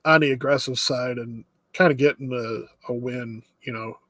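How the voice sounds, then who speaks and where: A man co-hosting a podcast in casual chat, recapping the plot in a steady, easygoing way. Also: mid-range voice, moderate pace, dry recording. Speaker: podcast co-host.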